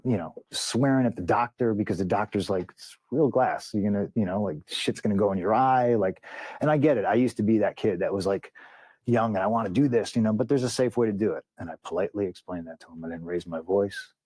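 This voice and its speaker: A man's voice: on the low side, darkish tone, dry recording. A man as an interview guest, telling a story bluntly with plenty of swearing and acted-out quotes.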